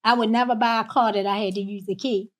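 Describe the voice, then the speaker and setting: A woman's voice: on the high side, fairly even intonation, quick pace. Emotional woman telling a personal story. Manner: heartfelt, quiet when quoting her friend. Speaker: guest.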